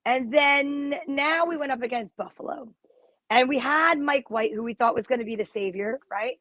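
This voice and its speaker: A woman co-hosting a casual football chat show, telling stories in an animated, gossipy way. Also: high-pitched, normal speed, no echo, muffled recording. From New Jersey. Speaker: co-host.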